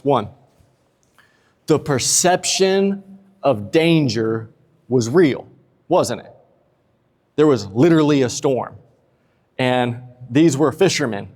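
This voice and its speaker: A man's voice: medium pitch, darkish tone. A man preaching a sermon, casual and humorous, acting out quotes with energy. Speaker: pastor. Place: church sanctuary. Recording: long church reverb.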